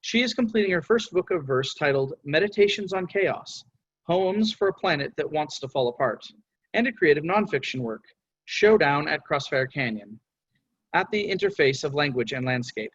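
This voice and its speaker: A slightly high-voiced man reads a formal introduction at an even, steady pace. The sound is dry and lo-fi, dull at the top. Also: moderate pace, husky, no echo. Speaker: panel moderator. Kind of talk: reading a speaker introduction.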